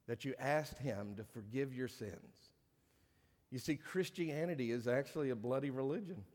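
A man preaching a sermon from the pulpit, his mid-pitched voice swelling on key phrases and then falling quiet. The sound rings with the long reverb of a large church sanctuary. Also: normal speed. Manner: preaching with swelling emphasis and hushed drops. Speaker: pastor.

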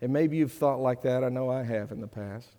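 A man's voice: mid-range voice, a little fast, mellow. A middle-aged male pastor preaching a sermon, earnest and conversational, building to emphatic peaks. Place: church sanctuary. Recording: long reverb of a church hall.

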